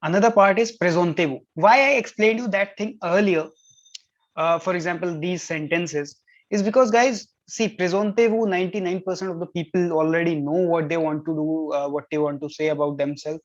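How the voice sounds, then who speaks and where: A tutor gives exam tips in a middle-pitched voice, switching between explanations and French example phrases. They keep saying "all right" between points. The recording sounds dull and lo-fi. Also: fairly quick.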